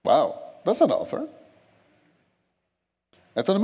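A man's voice: mid-range voice, animated, moderate pace, a little mellow. Man telling his story in a reverberant church. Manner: storytelling with humorous asides. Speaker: guest speaker. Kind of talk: testimony in church.

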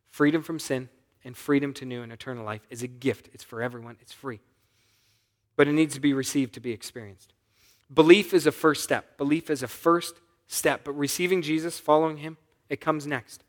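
A man preaching a sermon, retelling a scripture story and voicing its people, moving between quiet asides and loud, urgent appeals. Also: medium pitch, normal speed, long pauses. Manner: reads scripture and voices the characters' lines. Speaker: pastor.

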